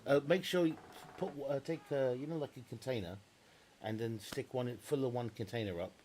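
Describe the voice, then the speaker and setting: A man's voice: mid-range voice, brisk, darkish tone, slight background noise. Male streamer at home, rambling, chatty commentary, restarts often. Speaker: game streamer. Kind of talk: casual live-stream gaming commentary. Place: at home with family nearby.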